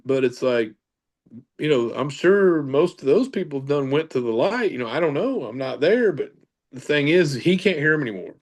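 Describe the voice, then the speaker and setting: A man's voice: fairly high pitch, big pitch swings, normal speed, darkish tone. A man, a podcast guest telling paranormal stories in a loose, rambling way. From Kentucky. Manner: rambling, with fillers and self-corrections. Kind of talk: casual storytelling.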